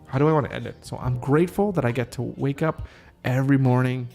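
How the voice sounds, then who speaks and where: Guy with a gravelly voice running through his script out loud, keeps stopping to rework lines, faint music behind. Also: medium pitch, fast talker. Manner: reads lines aloud, stops to rethink and reword. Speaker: podcast host. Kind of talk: casual solo script rehearsal.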